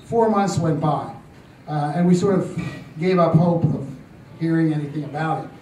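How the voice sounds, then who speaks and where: An older man telling a story to a congregation, halting with many fillers and restarts and a gently amused tone. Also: on the high side, recorded from a distance, a little hiss or hum. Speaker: church speaker telling a testimony. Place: church hall. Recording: roomy church recording from off-mic with faint ambience.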